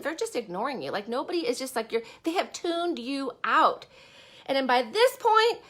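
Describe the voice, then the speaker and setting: Woman, high voice, online business coach, chatty live-stream talk, asks viewers questions. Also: fairly bright tone. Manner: chatty, upbeat, talks straight to viewers with questions. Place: bedroom in her house.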